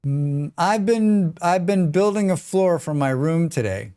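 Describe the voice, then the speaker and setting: American guy streaming, joking around with chat, kinda high voice. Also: expressive, unhurried, mellow, smooth. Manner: joking, chatty, reads and answers chat. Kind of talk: casual live-stream chat while gaming.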